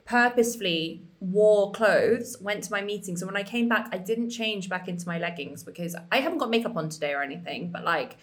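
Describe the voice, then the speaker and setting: A woman's voice: mid-range voice, brisk, hardly any pauses. Woman, podcast co-host; chatty, filler-heavy, frank and supportive. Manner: chatty, lots of "like", frank and encouraging. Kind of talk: casual podcast chat.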